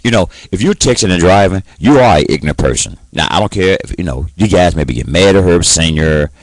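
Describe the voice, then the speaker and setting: A deep-voiced man hosts his own show and rants to his viewers. His pitch leaps wildly from low rumbles to high shouts, and he stammers and restarts as he goes. The sound is dry and close. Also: expressive, brisk, dry recording, low-quality recording. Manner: angry, repetitive, stammering restarts, shouting peaks. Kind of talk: impassioned solo monologue.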